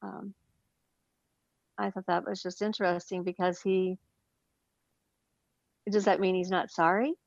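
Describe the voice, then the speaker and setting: A woman's voice: on the low side, flat delivery, measured pace, vocal fry, long pauses, no room sound. Female author answering, slightly dull audio. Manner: earnest, recounting with fillers. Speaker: guest, book author. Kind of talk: interview answers.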